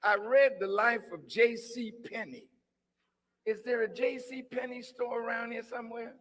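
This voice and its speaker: A man preaching a sermon, teasing and conversational, dropping to hushed asides and then rising to shouts. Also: extremely high pitch, steady tone, normal speed. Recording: long hall reverb.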